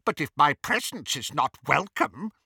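A man doing a cool, measured dark wizard. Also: medium pitch, sing-song, no echo, studio quality, heavily acted. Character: cool, smooth older male dark wizard.

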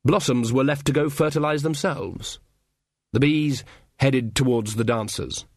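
A man narrating a fantasy audiobook in a measured, even storytelling manner, recorded close. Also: medium pitch, dry recording. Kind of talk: scripted narration.

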